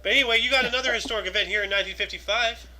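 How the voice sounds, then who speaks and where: A co-host in a casual chat reads out historical events and rambles loosely, filling his talk with lots of "you know"s. His voice is high-pitched and rapid-fire, with a crowd audible behind him and poor audio quality.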